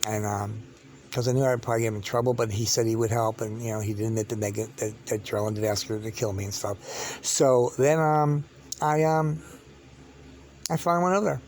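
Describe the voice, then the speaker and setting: A man telling a long personal story as a vlogger, halting and repetitive, with many restarts and fillers. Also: medium pitch, fairly even intonation, darkish tone, slight background noise.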